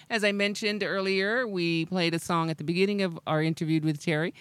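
A woman's voice: low voice, smooth, no room sound. A woman with a Canadian accent hosting a radio interview, upbeat and laughing often. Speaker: radio show host.

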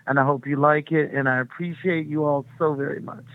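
A woman's voice: deep voice, fairly even intonation, fairly quick, background noise. A middle-aged woman, a touring music artist, chatting as a guest in a rambling way and laughing often. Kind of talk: casual phone interview. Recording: tinny phone line.

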